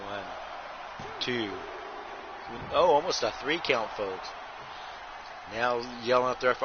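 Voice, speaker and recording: A man calling wrestling play-by-play over a video game like a ring announcer, tacking "folks" onto almost every line and bursting into shouts at big moves. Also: medium pitch, a little slow, pauses often. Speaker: host and play-by-play commentator. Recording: muffled audio with steady background noise.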